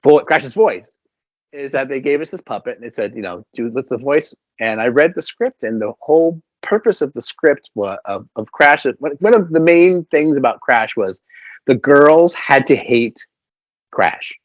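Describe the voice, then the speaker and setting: In a dry, slightly dull recording without echo, a man who is a puppeteer and voice actor speaks expressively at medium pitch and moderate pace. As an interview guest he tells stories casually and animatedly, using plenty of fillers.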